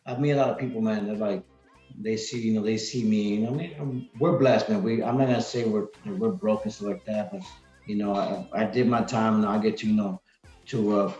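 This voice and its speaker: A man's voice: lowish voice, fairly even intonation, a little fast, darkish tone, soft background music. A man, a podcast guest, chatting casually and energetically, rambling with lots of "like" and "man". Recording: roomy, dull lo-fi sound.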